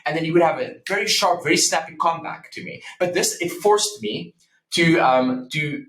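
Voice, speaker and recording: A man talking as a psychology professor guest in a casual podcast interview, explaining earnestly with lively anecdotes and many ums. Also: mid-range voice, fairly quick. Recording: roomy echo.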